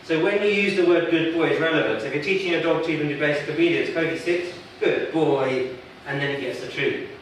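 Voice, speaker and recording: A man's voice: a little high, fast, hardly any pauses, a bit bright, a little hiss or hum. A male dog trainer leading a workshop, conversational and asking the audience questions. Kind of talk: workshop teaching. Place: workshop room. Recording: echoey room from far off.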